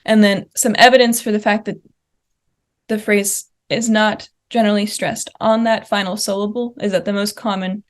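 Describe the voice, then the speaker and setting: Young woman, mid-pitched, presenting research at a conference, explanatory, plain delivery with some uh and um. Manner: explanatory, walks through slide examples; uses fillers like uh and um.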